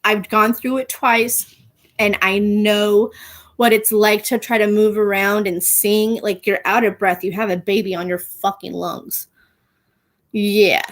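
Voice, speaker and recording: A woman in her thirties hosting a casual pop culture podcast, chatty and animated, laughing often and using playful slang. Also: medium pitch, measured pace. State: gets out of breath walking, pregnant. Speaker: podcast host.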